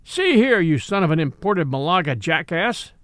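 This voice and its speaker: A man's voice: sits high, big pitch swings, normal speed, a bit bright, no room sound, exaggerated voice. A man voicing a proud troop horse from a storybook, who talks in a haughty, dry way. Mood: angry. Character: proud Australian troop horse, touchy about breeding.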